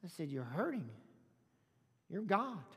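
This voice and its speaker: A man preaching a sermon to a congregation, calling out for amens and exclaiming loudly between points. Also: sits high, big pitch swings, takes it slowly, breathy edge. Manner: preaching with loud exclamations and call-outs. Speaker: pastor. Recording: music under reverberant hall.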